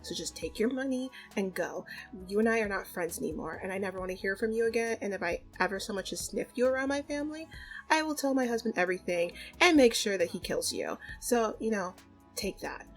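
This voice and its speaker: A woman's voice: mid-range voice, expressive, brisk, soft background music, lightly acted, poor audio. A woman voicing a protective, scheming mother who issues blunt threats in a life-sim story. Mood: stern. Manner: threatening, bossy.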